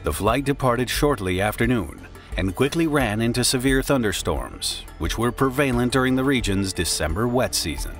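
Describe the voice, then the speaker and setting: A man giving grave, steady scripted documentary narration. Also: mid-range voice, normal speed, few pauses. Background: faint music.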